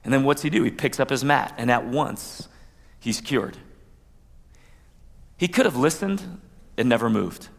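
A man's voice: medium pitch, a little slow, vocal fry, pauses often. A man pastor giving a conversational sermon, with asides and playful quoted voices. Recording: long hall reverb.

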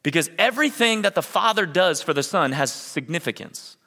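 A middle-aged man preaches a sermon to his church, moving from easy personal storytelling into energetic emphasis. His voice is bright and forceful, and it rings with the long reverb of a large hall. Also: high voice, a little fast. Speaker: pastor.

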